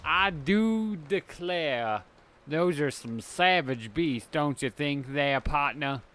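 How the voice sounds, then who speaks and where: A man voicing a pompous Southern gentleman lawyer in a put-on Southern drawl with old-fashioned turns of phrase. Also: on the high side, lively intonation, slow.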